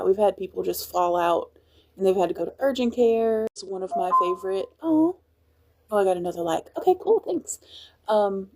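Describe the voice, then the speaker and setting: A woman chats upbeat and easygoing on a phone livestream. Her voice has a mellow, warm tone at a middle pitch. She talks like a base cook catching up with viewers, often restarting mid-sentence. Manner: chatty and upbeat, with frequent restarts. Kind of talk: casual livestream chat.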